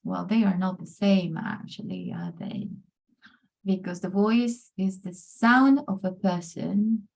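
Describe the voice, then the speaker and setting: A woman's voice: medium pitch, takes it slowly, vocal fry, darkish tone. A woman from Peru, presenting a pronunciation workshop over a video call in an upbeat, encouraging way. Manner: upbeat, encouraging, often says amazing and brilliant. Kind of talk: online presentation.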